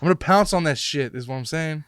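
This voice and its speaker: A man's voice: fairly high pitch, fairly quick, a bit bright, smooth, no room sound, studio quality. A man playing a tabletop game, eager and insistent, repeating himself. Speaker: player. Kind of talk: casual tabletop game play.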